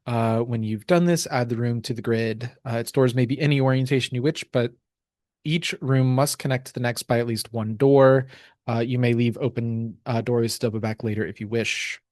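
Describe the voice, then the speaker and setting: A man's voice: mid-range voice, normal speed, no echo, clean studio sound. Casual man narrating a tabletop game. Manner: relaxed, full of ums and uhs. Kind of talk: casual rules reading and scene narration.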